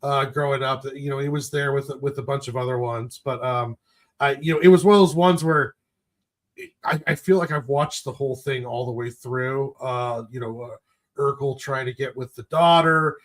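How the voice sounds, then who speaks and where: A man's voice: medium pitch, steady tone, moderate pace. Fond, reminiscing man on a panel. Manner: fond, reminiscing, hesitant with fillers. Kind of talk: casual panel debate.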